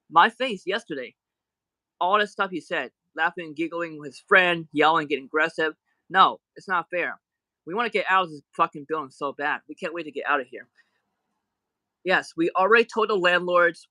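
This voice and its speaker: A man's voice: a little high, pushed and bright, no echo, poor audio. A man ranting on a livestream, indignant and heated, going back over the same points again and again. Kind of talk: angry livestream rant.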